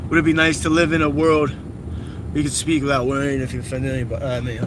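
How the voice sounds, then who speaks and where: A man's voice: mid-range voice, little pitch movement, quick pace. A young man live streaming while driving city streets, talking bluntly and cursing often. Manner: profane, blunt, opinionated rambling. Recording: noisy car interior with traffic. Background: car and street noise.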